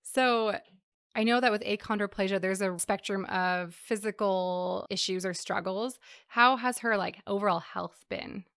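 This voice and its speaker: A woman's voice: medium pitch, unhurried, creaky, a bit bright, no room sound, clean studio sound. Enthusiastic woman hosting a podcast. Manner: enthusiastic, affirming, laughs along. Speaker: podcast host. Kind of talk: casual interview.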